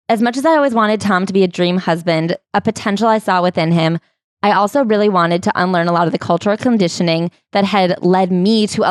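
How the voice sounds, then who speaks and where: A woman with a fairly low voice, recorded dry, co-hosts a comedic podcast. She reads passages from a memoir and tosses in dry, sarcastic asides as part of a humorous book recap.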